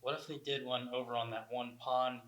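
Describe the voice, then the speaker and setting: A man's voice: mid-range voice, level tone, normal speed, fairly bright tone. A man co-hosting a hockey podcast in an easygoing, slangy way. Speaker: podcast co-host. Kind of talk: casual podcast chat.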